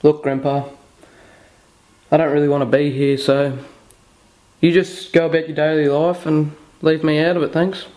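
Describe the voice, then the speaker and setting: A man's voice: on the high side, flat delivery, normal speed, long pauses, a little mellow, close to an everyday voice. A man playing a sulky, cricket-loving city boy in a short film, curt and dismissive.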